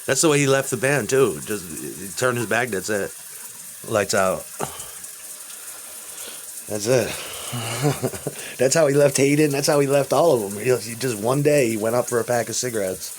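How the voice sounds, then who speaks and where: A man in his fifties telling rambling personal stories, profane and halting, with restarts. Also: mid-range voice, animated, a little hiss or hum. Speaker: interviewee.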